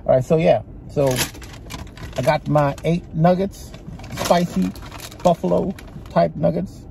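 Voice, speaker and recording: This food vlogger talks between bites, rambling and chatting with a Texas-sounding drawl as he eats in a parked car with the engine going. His mid-range voice is mellow with vocal fry, and there's a slight hiss or hum.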